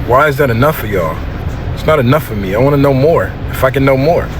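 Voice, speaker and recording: A man's voice: medium pitch, animated, fast talker, over music. A man venting in a frustrated, profane rant. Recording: noisy outdoor street recording.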